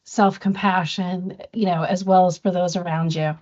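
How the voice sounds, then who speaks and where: A woman's voice: fairly low pitch, fairly even intonation, moderate pace, a little mellow. A woman hosting a podcast interview, chatting casually and affirming her guest. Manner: affirming, conversational. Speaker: podcast host. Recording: dull lo-fi audio.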